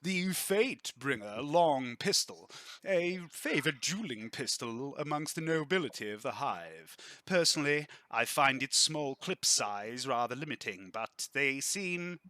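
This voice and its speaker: A man's voice: medium pitch, animated, unhurried, sharp tone, no room sound. A man voicing a reserved, polite weapons dealer who speaks stiffly and formally.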